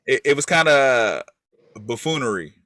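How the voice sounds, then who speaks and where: A man's voice: mid-range voice, measured pace, dry recording. A man co-hosting a casual talk show about a TV series, acting out characters' lines and swearing freely. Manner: animated, acts out characters' lines. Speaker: podcast co-host. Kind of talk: casual chat about a TV episode.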